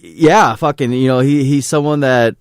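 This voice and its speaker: In this casual podcast conversation, the male co-host is blunt and curses without hesitation. He speaks at a moderate pace with a clean, medium-pitched tone. The sound is clean and studio-like, with no trace of the room.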